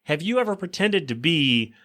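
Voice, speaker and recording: A man hosting a podcast, recapping a sitcom episode in a casual, joking way and quickly voicing the characters' lines. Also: fairly high pitch, big pitch swings, a bit bright. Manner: chatty, joking asides, quick quoted voices of characters. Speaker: podcast host.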